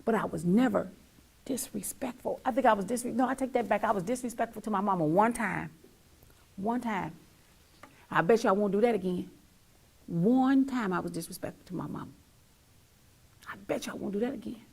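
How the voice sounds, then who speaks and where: Husky, gravelly woman talk show host. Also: mid-range voice, a little fast, long pauses. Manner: emphatic, repeats lines, swings from loud to near-whisper. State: emotional. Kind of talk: heartfelt monologue to viewers.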